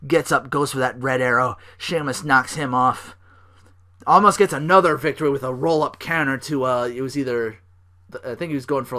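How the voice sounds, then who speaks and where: A young man hosting a podcast, recapping wrestling in a rambling, casual way, swearing freely and acting out wrestlers' lines in loud bursts. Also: mid-range voice. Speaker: podcast host.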